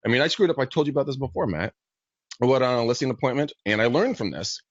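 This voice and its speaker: A man telling a story at a quick clip, his voice swinging up and down as he acts out what he and his clients said. The sound is dry and a bit dull, like a livestream. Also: medium pitch, no room sound. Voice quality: animated, acts out both sides of conversations in his stories. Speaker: real estate agent, show co-host. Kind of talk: casual podcast chat, storytelling.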